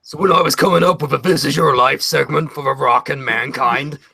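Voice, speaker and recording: A man co-hosting a casual livestream chat, telling stories in an animated, profane way. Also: mid-range voice, a little fast, creaky, slightly rough. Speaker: podcast co-host.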